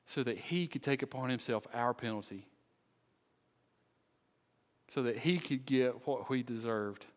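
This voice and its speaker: A man preaching as pastor, closing his sermon with an earnest appeal and a slow, pleading prayer. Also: medium pitch, big-room sound. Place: church sanctuary.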